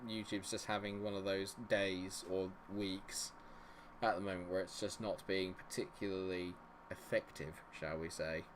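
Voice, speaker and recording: A man giving live commentary on a football management game, chatting with viewers and reacting loudly to the match. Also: fairly low pitch, a little hiss or hum. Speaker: streamer.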